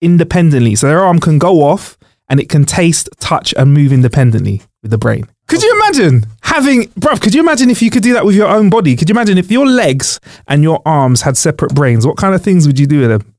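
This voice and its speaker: Lively man, dry sound. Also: on the high side, quick pace, dry recording. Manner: laughs often, explains facts playfully. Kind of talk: casual chat.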